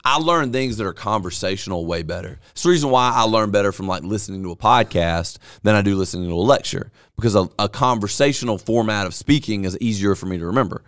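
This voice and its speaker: A man talking candidly on a podcast, animated and swearing freely. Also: on the low side, quick pace, few pauses, dry recording, studio quality. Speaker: podcast host. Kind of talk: casual podcast chat.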